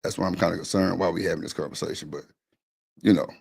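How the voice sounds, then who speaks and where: Gravelly-voiced man arguing bluntly. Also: low voice, fairly even intonation, fast talker, a little mellow. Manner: blunt, profane and insistent. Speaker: host of a live-stream panel. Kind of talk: heated casual argument.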